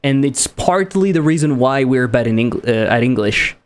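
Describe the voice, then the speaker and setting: A man from France with a French accent, talking with his chat in a rambling, animated way. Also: mid-range voice, moderate pace. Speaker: game developer streamer. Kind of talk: casual live-stream chat.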